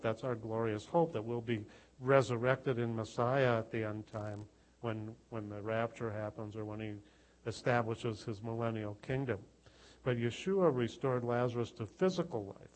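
A man preaching a sermon, reading scripture and explaining it, sometimes repeating words as he thinks, and rising to loud emphatic passages. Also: medium pitch, rough recording.

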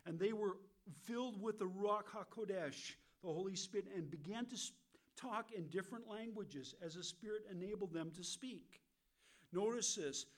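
An American man teaching verse by verse from the Bible, asking his listeners questions and answering them himself, with frequent "okay?" checks. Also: high voice. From United States. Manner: keeps checking in with "okay?" and "all right?".

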